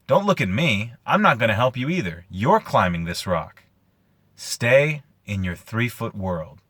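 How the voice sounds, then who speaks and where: A man voicing a laid-back male climbing instructor who talks in a lazy, raspy drawl. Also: medium pitch, fairly bright tone, dry recording.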